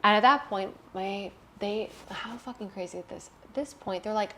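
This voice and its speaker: A woman's voice: medium pitch, moderate pace, fairly bright tone, slight background noise. A young adult woman, an interview guest, telling a painful personal story candidly and emotionally, swearing freely.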